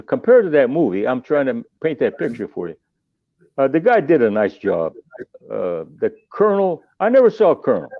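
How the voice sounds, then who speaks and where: A man's voice: mid-range voice, no room sound. An older man spins loose, salty anecdotes, circling back and restarting as he goes. His voice comes through a thin, tinny phone line with no room sound at all. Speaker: podcast guest, musician. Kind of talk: casual storytelling.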